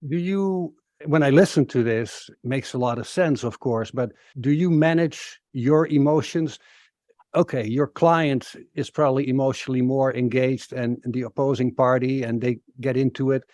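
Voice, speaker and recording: A man hosting an interview, asking thoughtful, measured questions. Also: mid-range voice, a little mellow, no room sound. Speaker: podcast host.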